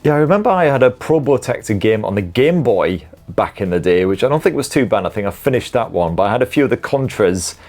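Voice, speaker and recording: A man in his forties with a lowish voice hosts a tech show. He reads out viewer comments and riffs on them with sweary, self-deprecating humour. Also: lively intonation, fast talker, hardly any pauses, darkish tone. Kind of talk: live stream chat reading viewer comments.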